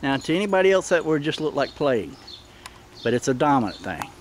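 A middle-aged man, filming himself outdoors in a backyard and explaining things plainly in a firm voice that turns sharp when he barks commands. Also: fairly high pitch, sing-song, fairly quick, slight background noise. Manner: plain-spoken, firm commands with sudden sharp shouts at the dogs. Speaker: dog owner filming his own pack. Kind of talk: casual instructional narration. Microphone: handheld camera mic.

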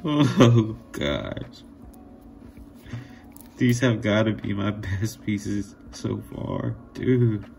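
A man with a low, gravelly voice talks slowly and casually while showing off handmade jewelry. He sounds excited and amazed, often laughing. Clear workshop noise sits behind him throughout. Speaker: jewelry maker.

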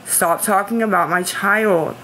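A woman's voice: medium pitch, a little slow, fairly bright tone, slight background noise. A woman livestreaming who answers viewer comments in casual chat, anxious, pleading and defensive, rambling and repeating herself. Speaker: livestreamer asking viewers for money.

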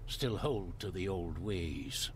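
A man with a Scottish accent playing a gruff, secretive gardener who clings to the old ways, speaking slowly and guardedly. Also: sits low, lively intonation, slight background noise. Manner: slow, guarded, dialect-heavy. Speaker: game character.

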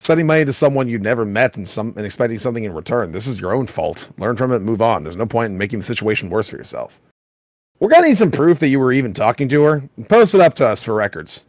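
A comedy show host with a mid-range voice reads forum posts aloud, wry and laughing at the material. There is no room sound.

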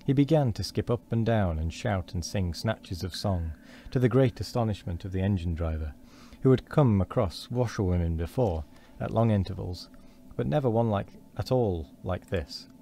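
A man reading a storybook aloud on a stream, measured and steady with small slips and restarts. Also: lowish voice.

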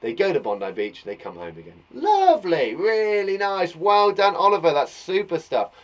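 A man's voice: on the high side, fairly quick. Bubbly English man teaching young kids. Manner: bubbly and animated, reading out kids' work. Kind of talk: lively children's lesson.

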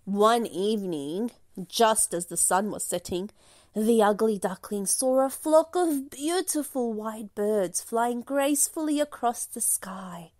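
A woman reads a children's storybook aloud at an unhurried bedtime pace. Her voice sits a little high and rises and falls widely as she tells the story gently. The sound is dry and close, with no room echo. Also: lively intonation. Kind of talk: reading a children's picture book aloud.

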